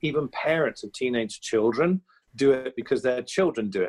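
An English comedian in his fifties speaks as an interview guest, reflective yet chatty and anecdotal, with frequent fillers and restarts. His medium-pitched voice is brisk, a little mellow and slightly rough.

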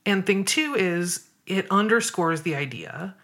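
A woman's voice: mid-range voice, expressive, a little slow, fairly bright tone. A woman hosting a casual podcast conversation, explaining her views thoughtfully step by step and often checking in with "right?". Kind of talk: casual conversation on body image.

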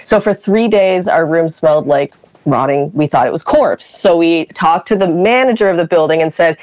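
A woman's voice: low voice, moderate pace, darkish tone, no room sound, highs cut off. A woman chatting casually as a guest and telling a long story, rambling with lots of "like" and restarts.

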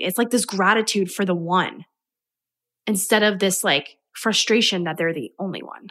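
A woman's voice: medium pitch, moderate pace. A young adult woman, a business coach, talking casually and energetically on her own podcast. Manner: chatty, upbeat, energetic. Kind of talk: casual solo podcast talk.

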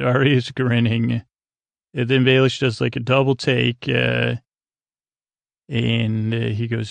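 Male podcast host, rough fry-heavy voice, dry room, chatty meandering recap. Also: medium pitch, level tone, measured pace, no echo. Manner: rambling, many fillers and restarts. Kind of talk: casual episode recap.

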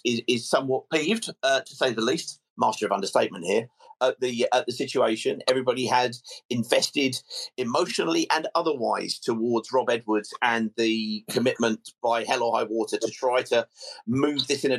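Brief: easygoing phone-in host, measured, chatty, keeps callers moving. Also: male voice, medium pitch, vocal fry, a bit bright, breathy edge. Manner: measured, chatty, calls people sir and mate. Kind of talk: fan phone-in presenting.

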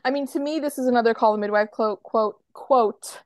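A woman's voice: on the high side, fairly quick, no echo, studio quality. An American woman co-hosting a podcast, chatting casually with lots of fillers and restarts. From United States. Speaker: podcast co-host. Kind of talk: casual chat.

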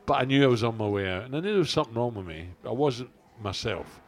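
A man's voice: medium pitch, expressive, fast talker. An older man, co-hosting a podcast in casual chat, rambling through jokey anecdotes with plenty of fillers. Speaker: podcast co-host.

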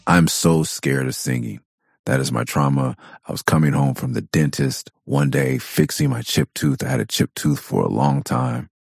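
Rumbling low and gravelly with a breathy edge, this man's voice swings widely in pitch at a normal speed, in a dry, clean studio recording. He hosts his own podcast from Southern California and is a father of four, speaking bluntly, candidly, and profanely in a casual monologue full of laughter.

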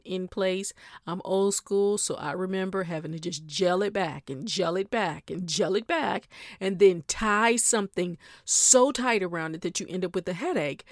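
A woman's voice: mid-range voice, dry recording, studio quality. A middle-aged woman hosting a podcast, chatting in a playful, casual way straight to her listeners. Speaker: podcast host. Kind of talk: casual chat.

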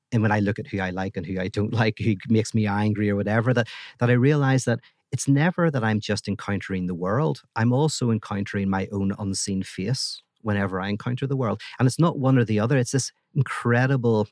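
A man talking as a guest philosopher in a casual podcast conversation, animated and full of restarts. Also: lowish voice, dry recording, studio quality. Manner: animated storytelling, many restarts.

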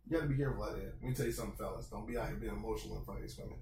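A man's voice: lowish voice, racing, vocal fry, darkish tone, far from the mic. A man co-hosting a casual podcast, telling stories animatedly, acting out quotes and laughing often. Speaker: podcast co-host. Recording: echoey room, off-mic, faint noise.

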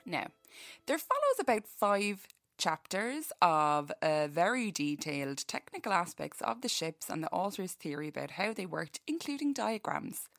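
A woman with a low, gravelly voice reads a book aloud for a podcast. She keeps breaking into crude, joking asides. Faint music hums behind her. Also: big pitch swings, normal speed, a bit bright, no echo. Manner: profane, jokey. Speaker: podcast host.

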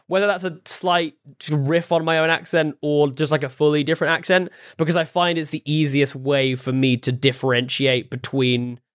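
English male podcast co-host, casual and animated, slightly high voice, dry close sound. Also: moderate pace, few pauses, no echo. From England.

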